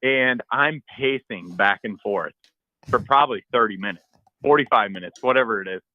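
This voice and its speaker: Man, podcast co-host, casual animated storyteller, dry and slightly dull audio. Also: fairly low pitch, normal speed, no room sound. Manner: animated storyteller, acts out his own shouts and texts.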